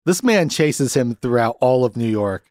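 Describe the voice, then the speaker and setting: A young man hosting a podcast, recapping a movie in casual chat, animated and sarcastic, laughing often. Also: medium pitch, moderate pace, no echo, clean studio sound. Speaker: podcast host.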